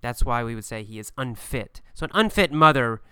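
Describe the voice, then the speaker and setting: A man teaching an English vocabulary lesson, speaking slowly and clearly and repeating key words with simple examples. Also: medium pitch, expressive, bright, forceful tone, dry recording.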